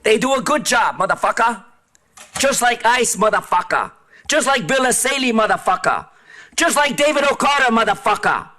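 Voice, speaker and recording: A high-voiced man with a bright, sharp tone rants at a public meeting. His talk is profane, erratic and combative, fired at the room from a podium microphone. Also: animated, moderate pace. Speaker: public commenter. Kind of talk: angry public comment rant.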